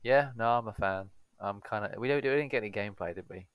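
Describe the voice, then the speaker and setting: A man's voice: lowish voice, fast talker, smooth, dry recording. A man co-hosting a gaming podcast in casual chat, laid-back and rambling, often correcting himself mid-sentence. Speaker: podcast co-host.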